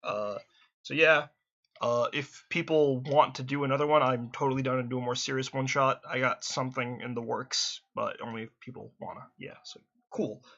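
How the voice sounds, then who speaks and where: A man's voice: medium pitch, fairly even intonation, a bit bright, highs cut off. A man running a tabletop game as game master over voice chat, talking casually with many fillers and restarts. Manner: casual, quick, halting with fillers.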